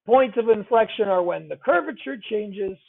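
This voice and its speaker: A man's voice: high-pitched, lively intonation, moderate pace, gravelly. A man teaching a math lesson, talking conversationally, repeating key phrases and checking in with the class. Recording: tinny phone-like audio.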